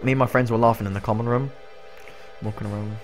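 A man's voice: lowish voice, steady tone, quick pace, faint music behind. A young man chatting casually while streaming a game, telling rambling, giggly stories. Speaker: gaming livestreamer. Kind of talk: casual chat while playing.

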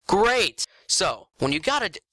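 A young man giving excitable let's-play commentary, yelping and laughing at in-game scares. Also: fairly high pitch, normal speed, dry recording. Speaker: gaming video creator.

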